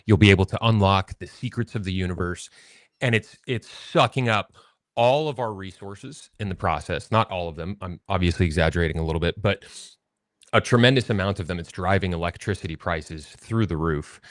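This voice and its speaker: A man hosting a podcast, talking in a steady, casual way as he reads a post aloud and explains it. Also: low voice, normal speed, no room sound. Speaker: podcast host. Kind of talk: casual conversational discussion. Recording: dry close mic.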